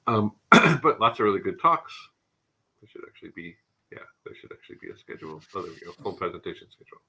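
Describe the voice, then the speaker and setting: A man's voice: deep voice, very animated, quick pace, pushed and bright, breathy edge, poor audio. A man hosting a casual tech livestream, talking with enthusiasm and wandering off into rambling asides. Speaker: show host.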